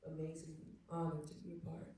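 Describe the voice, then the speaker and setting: A woman actor on a panel telling stories in a lively way and laughing often. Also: deep voice, a little fast, a little hiss or hum. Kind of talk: animated anecdote telling. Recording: echoey hall, mic far off.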